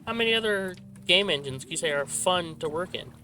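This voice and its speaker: High-voiced and animated, with a sharp tone and a slightly fast delivery, this man offers laid-back, rambling commentary during gameplay on his channel. He stutters slightly and corrects himself, recorded through a desk microphone with a simple filter while soft music plays.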